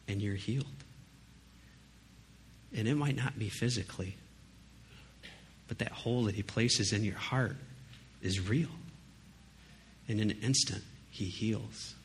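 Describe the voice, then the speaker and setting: Man, casual sermon, emphatic, conversational asides, lowish voice, faint noise behind. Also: a bit bright. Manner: conversational, emphatic, frequent "you know" and "right?". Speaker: preacher.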